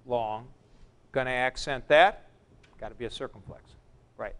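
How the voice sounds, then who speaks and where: A man's voice: medium pitch, measured pace, a bit bright, clean tone. A man lecturing a class, thinking aloud and repeating key points for emphasis as he writes on a board in a classroom. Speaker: Greek teacher.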